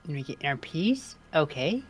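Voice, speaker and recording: A woman's voice: low voice, sing-song, normal speed, husky, faint music behind. A young woman streamer chatting while she plays a game, rambling and reading the on-screen text aloud. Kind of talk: casual gameplay commentary.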